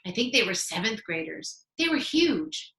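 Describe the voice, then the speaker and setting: A woman voicing a calm, protective older schoolboy in an easygoing tone. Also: on the high side, moderate pace, pitched above the performer's own voice. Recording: roomy echo.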